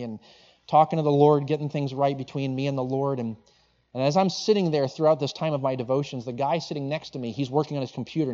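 A male pastor preaching a sermon, telling a story in an animated way and acting out the quotes. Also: medium pitch, lo-fi sound.

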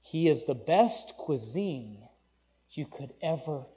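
A man preaching a conversational sermon, animated, with asides to the congregation and playful acted-out quotes. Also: a little high, slow pace, slightly rough, highs cut off. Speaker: pastor.

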